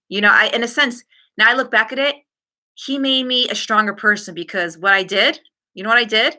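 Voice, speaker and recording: A middle-aged woman talks straight to her live-stream audience in a candid, animated way. Her tone is bright and forceful, and she tells her story with quick asides to the viewers. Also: mid-range voice.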